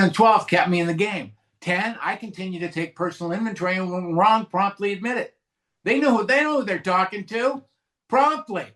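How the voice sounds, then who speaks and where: A man's voice: sits high, a bit bright. A man from California sharing his recovery story at a meeting, candid and conversational, with restarts and asides. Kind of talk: personal recovery share to a live group.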